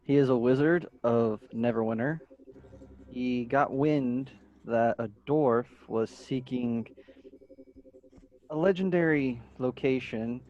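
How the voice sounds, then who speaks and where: A man playing a tabletop game over a video call, introducing his character slowly with long pauses. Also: medium pitch, a little mellow, lo-fi sound. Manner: slow, pausing. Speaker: player.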